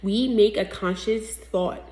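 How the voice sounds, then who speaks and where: A woman's voice: mid-range voice, slow pace, roomy sound. A woman in her thirties giving a casual devotional talk, telling a personal story and speaking to her listeners as family. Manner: warm, chatty storyteller who addresses listeners as family. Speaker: faith vlogger teaching her community.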